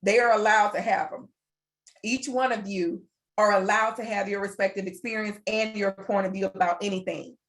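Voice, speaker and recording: A woman's voice: medium pitch, fairly even intonation, moderate pace, fairly bright tone. Earnest woman presenting a wellness webinar. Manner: earnest, encouraging, repeats phrases for emphasis. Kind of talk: motivational webinar talk.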